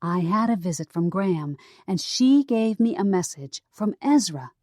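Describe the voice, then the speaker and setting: A woman's voice: medium pitch, lively intonation, normal speed, mellow, dry recording, studio quality, close to an everyday voice. Woman reading an eager young sleuth. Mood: earnest. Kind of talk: audiobook character voice.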